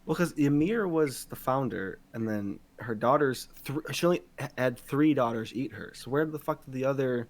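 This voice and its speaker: A man chatting casually among friends on a podcast. He speaks at an ordinary mid pitch, rambles as he thinks, swears freely and rushes ahead when something excites him. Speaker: podcast co-host.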